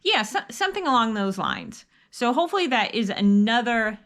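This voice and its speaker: A woman's voice: fairly high pitch, big pitch swings, moderate pace, fairly bright tone. Earnest, rambling woman giving parenting advice. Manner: earnest, rambling with restarts, acts out upbeat parent lines. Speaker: homeschooling parent advice vlogger. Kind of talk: casual advice talk to camera.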